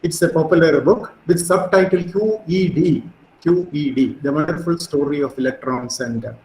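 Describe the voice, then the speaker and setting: A middle-aged man giving a physics lecture, animated and storytelling, with frequent fillers. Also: a little high, normal speed, roomy sound, slight background noise, rough recording.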